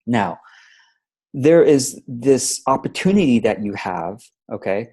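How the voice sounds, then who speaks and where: A man's voice: medium pitch, lively intonation, slow, dark tone, husky. A man hosting a productivity webinar in a casual, playful way, often acting out his own thoughts. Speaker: webinar host, productivity coach.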